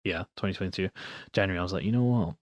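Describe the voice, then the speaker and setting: Relaxed low-voiced young man. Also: very fast, no room sound, clean studio sound. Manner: relaxed storyteller, acts out his friends' lines. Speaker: guest. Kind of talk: casual chat.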